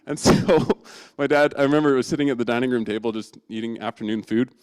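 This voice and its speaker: A man's voice: medium pitch, quick pace, smooth. A man preaching in a church, telling a childhood story in a casual, self-deprecating way.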